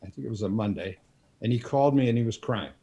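Mellow-voiced older man telling stories. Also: fairly low pitch. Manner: unhurried anecdotal telling with frequent fillers. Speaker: interview guest, publisher. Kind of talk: storytelling in a casual interview.

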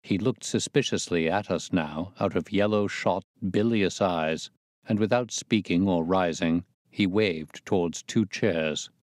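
A man narrating a classic story in measured, steady audiobook style. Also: low voice, dry recording, clean studio sound.

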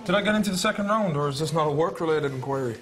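A man's voice: fairly high pitch, animated, very fast, over music, lightly acted. A man playing a cocky young rural Irish lad. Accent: Irish, Mayo. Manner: cocky rural Irish slang, brash and rambling. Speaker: job seeker.

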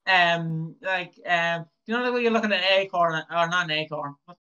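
A man's voice: high voice, brisk, pushed and bright, smooth. A man co-hosting a podcast, chatting casually about a soap opera in a rambling, jokey way that often stumbles over his words. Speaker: podcast co-host. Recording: dull lo-fi mic.

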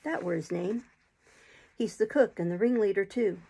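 A woman voicing a wild, marooned old male sailor in an audiobook reading, talking in rough sailor's dialect, eager and sly. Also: medium pitch, normal speed, mellow.

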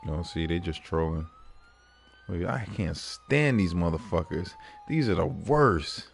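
Man, game streamer, low pitch, rough crackly voice, cursing, laughing, animated. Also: unhurried. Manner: profane, laughing, animated storytelling. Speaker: gaming livestreamer. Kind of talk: casual livestream commentary.

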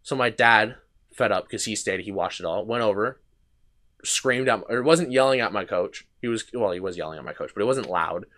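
This podcast host is a young man whose voice sits fairly low, a bit bright and a little quick. He tells a long, loose story, restarting often, using fillers and swearing along the way.

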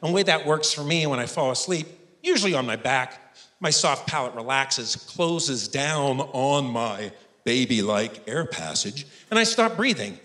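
Animated, self-mocking stand-up comedian man. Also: mid-range voice, unhurried. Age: 50s. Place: stage before a live audience. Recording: echoey stage room with audience.

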